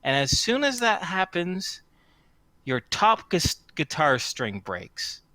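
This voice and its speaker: A man runs a tabletop game, describing scenes in a slow, unhurried way with frequent restarts. His voice is bright and lively in pitch, recorded dry and close. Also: no echo. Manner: unhurried, stumbling restarts, laughs often. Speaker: game master.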